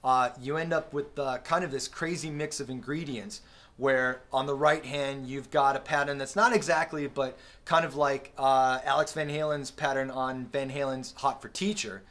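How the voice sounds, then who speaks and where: A man teaching drums in a relaxed, friendly way, explaining patterns with small fillers and sung drum sounds, recorded on a camera mic in a practice room with a drum kit. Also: medium pitch, moderate pace. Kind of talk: casual instructional talk. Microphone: camera-mounted recorder.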